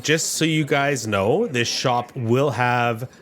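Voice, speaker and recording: A man's voice: medium pitch, slow, a bit bright, soft background music. A man narrating a tabletop game as game master in a playful way, laughing often.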